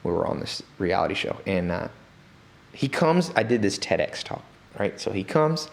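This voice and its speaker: A man talking as an interview guest in a studio, telling stories in an animated way and acting out the people he quotes. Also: on the low side, moderate pace, vocal fry. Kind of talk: storytelling interview talk.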